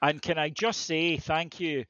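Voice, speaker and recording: A man's voice: fairly high pitch, fairly even intonation, unhurried, fairly bright tone, muffled recording. A man in his forties co-hosting a podcast, joking dryly and swearing freely. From Scotland. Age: 40s. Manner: dry, sweary, sardonic. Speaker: podcast co-host. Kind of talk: casual podcast banter.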